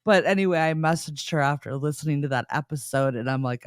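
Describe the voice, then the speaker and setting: A woman's voice: sits low, quick pace, hardly any pauses, no echo. Woman, Minnesota accent, podcast co-host, rambling casual chat, close dry mic. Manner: rambling, self-interrupting storytelling with frequent laughs.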